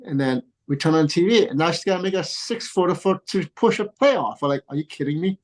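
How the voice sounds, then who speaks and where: Middle-aged man, golf coach, lively storyteller, laughs a lot, acts out quotes. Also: high-pitched, brisk, low-quality recording. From came to the U.S. as a kid. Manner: excitable, laughs often, acts out quoted dialogue. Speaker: golf coach and father of a pro golfer. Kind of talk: animated storytelling in a podcast interview.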